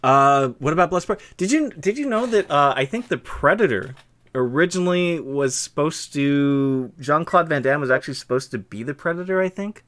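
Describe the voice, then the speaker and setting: A man's voice: fairly high pitch, animated, moderate pace, a bit bright. A young man with a lisp hosting a stream interview, talking in a loose, rambling way full of fillers. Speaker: stream host interviewing a guest. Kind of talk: casual chat.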